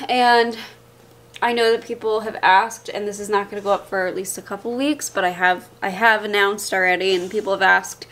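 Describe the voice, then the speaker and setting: Young woman vlogger, casual, rambling, candid, mid-pitched. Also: fairly bright tone. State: tired and queasy, out of breath. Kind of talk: casual chat to camera.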